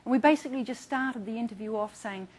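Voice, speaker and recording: A middle-aged woman doctor gives an instructional talk on patient care to patients and providers, speaking fast at a fairly high pitch with a darkish tone. Earnest, she tells case stories and acts out what her patients said; the recording is rough.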